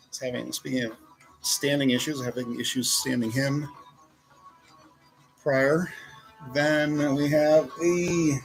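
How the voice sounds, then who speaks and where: A man reviews toy figures in a rambling, casual chat, frequently stopping to talk to himself as he arranges poses. His medium-pitched voice is gravelly and measured, with frequent pauses, and soft music sits under poor audio.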